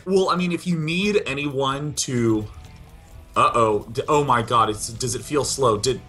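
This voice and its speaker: This esports co-caster has a medium-pitched voice, pushed and bright, with faint music in the background. Calling the live match, he talks through players and maps eagerly, joking and quick to break into laughter.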